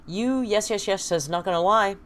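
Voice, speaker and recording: A woman's voice: mid-range voice, normal speed, fairly bright tone, a little hiss or hum. A woman hosting a casual livestream from home, chatty and wry, reading viewer comments aloud. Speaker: livestream host. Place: home, indoors.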